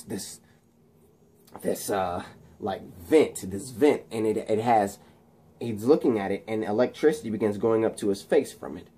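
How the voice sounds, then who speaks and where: Husky man excitedly retelling a movie. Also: fairly low pitch, measured pace. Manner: rambling, excited, many restarts. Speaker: channel host. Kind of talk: casual movie plot retelling.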